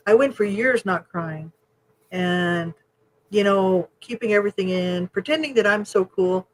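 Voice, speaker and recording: A woman co-hosting a podcast in casual chat, frank and animated, swearing freely. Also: mid-range voice, unhurried, a little hiss or hum, poor audio. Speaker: podcast co-host.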